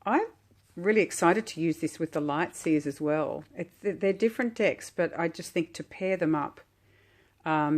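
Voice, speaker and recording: A woman calmly unboxing a tarot deck while sitting on her floor, gushing and admiring each card at an unhurried pace. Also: deep voice. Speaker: tarot vlogger. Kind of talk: relaxed unboxing commentary.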